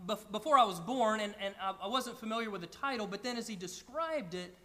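A man's voice: high voice, a little fast, bright, forceful tone, in a large hall. A man preaching a sermon to a congregation, earnest and often stammering through restarts. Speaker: pastor. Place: church sanctuary with a congregation.

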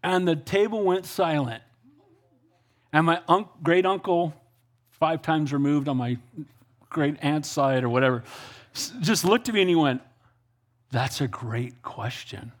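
A man preaching a sermon in a notably high voice, swinging between quiet asides and bright, climbing emphasis. He tells stories, asks pointed questions and calls for amens. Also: measured pace, pauses often. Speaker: pastor.

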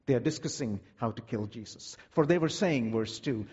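A man preaching a sermon with dramatic, vivid storytelling and drawn-out words. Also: medium pitch, lively intonation, darkish tone, breathy edge, big-room sound, dull audio.

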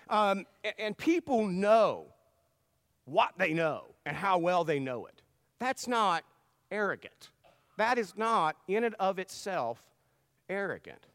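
High-voiced man preaching, long hall echo. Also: fairly bright tone, clean studio sound. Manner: conversational, folksy storytelling with repeated restarts. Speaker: pastor. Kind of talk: sermon.

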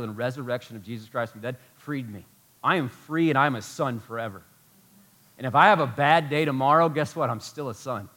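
A man preaching a sermon as pastor, animated and emphatic, full of rhetorical questions. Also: a little high.

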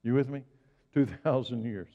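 A man preaching a sermon, swinging from loud exclamations to hushed, slow lines. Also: mid-range voice. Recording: dull sound with long hall reverb.

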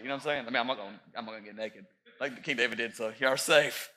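A pastor in his thirties preaches a sermon at a very fast clip and medium pitch, climbing to loud peaks and then slipping into joking asides.

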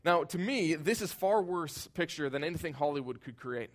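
A man preaching a sermon with a slightly higher-than-average voice. He is earnest and emphatic, swelling loud at his peaks and dropping soft and low to press a point. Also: lively intonation, normal speed. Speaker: pastor.

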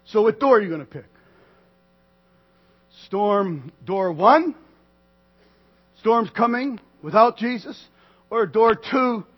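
A man preaching a sermon to a congregation, swinging from loud declarations to quiet asides. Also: extremely high pitch, lively intonation, normal speed, highs cut off. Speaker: pastor.

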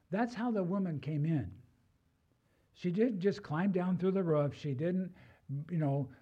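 A man's voice: a little high, lo-fi sound. An older man preaching a sermon in a conversational way, with personal asides. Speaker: pastor.

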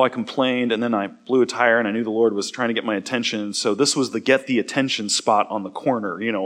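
A man's voice: medium pitch, a bit bright. A man teaching a Bible passage, reading the verses aloud with dramatic emphasis and breaking off for casual, chatty explanations with the odd slip. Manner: reads dramatically, voicing the speakers with rising emphasis; casual asides with fillers and small slips. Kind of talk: scripture reading with casual commentary.

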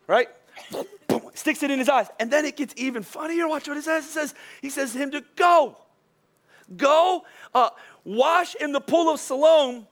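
A man preaching a sermon as a pastor, his voice worn from speaking all day. He tells jokey stories and drops soft and slow for the serious points. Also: very high voice. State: voice wearing out from a long day of preaching.

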